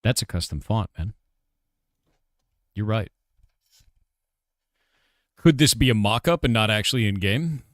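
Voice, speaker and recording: A man's voice: on the low side, animated, unhurried, pauses often, no room sound, studio quality. A game developer in his forties, chatting casually on a live stream, ranting and swearing with lots of "like" and "dude". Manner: ranting, profane, repeats "like" and "dude".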